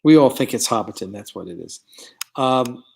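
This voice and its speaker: A man hosts a casual live stream from a studio set. He rambles between topics with plenty of ums and uhs, reading out viewer comments and answering them as he goes. His voice sits at an ordinary middle pitch. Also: lively intonation, moderate pace, gravelly, darkish tone. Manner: rambling, many fillers, reads viewer comments aloud. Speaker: producer hosting a live stream. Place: studio set of a starship bridge.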